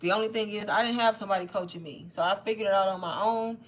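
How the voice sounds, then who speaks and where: A young woman talks straight to her livestream viewers in a loose, chatty pitch, calling them "y'all" again and again. She sounds a bit out of breath as she keeps urging people to ask questions in the chat. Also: fairly even intonation, quick pace. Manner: chatty, says "y'all" constantly. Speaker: online course seller hosting a livestream. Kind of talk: casual livestream sales pitch.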